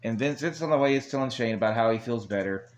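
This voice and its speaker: A man's voice: medium pitch, fast. Man casually recapping a wrestling show. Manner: rambling, chuckling asides.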